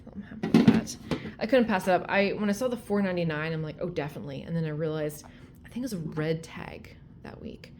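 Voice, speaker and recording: A woman's voice: sits low, lively intonation, fast talker, background noise. Chatty woman rambling through a thrift haul. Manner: chatty, rambling, frequent ums and likes. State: out of breath. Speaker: vlogger showing a thrift haul. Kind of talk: casual chat to camera. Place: at home. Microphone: phone held in hand.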